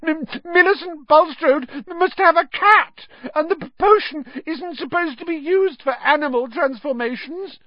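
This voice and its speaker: A man's voice: very high-pitched, normal speed, hardly any pauses, dry recording, lo-fi sound, pitched above the performer's own voice. A man voicing a distraught teenage schoolgirl who stammers and howls as she speaks. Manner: stammering, howling.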